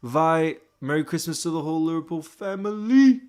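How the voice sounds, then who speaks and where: A man's voice: fairly high pitch, expressive, normal speed, darkish tone. A young man hosting a live stream, chatting casually and greeting viewers by name as he reads their comments. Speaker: livestream host.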